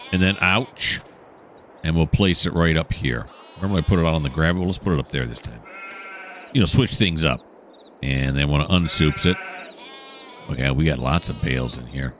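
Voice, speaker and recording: A middle-aged gaming channel host rambles to himself while casually commenting on a farming game, chatting with the animals as he plays. His voice is very deep and a bit bright, with slight background noise.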